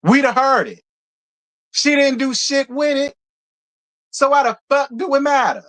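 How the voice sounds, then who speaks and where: A channel host delivering a live review as a fiery rant, swearing freely and repeating lines over and over for emphasis. The voice sits mid-range in pitch, and the delivery stays blunt and worked up. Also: a bit bright. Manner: blunt, profane, heated, repeats points for emphasis.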